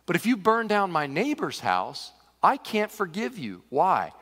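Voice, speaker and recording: A man preaching a sermon as pastor, animated and conversational with touches of humor. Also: high voice, unhurried. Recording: long reverb of a large hall.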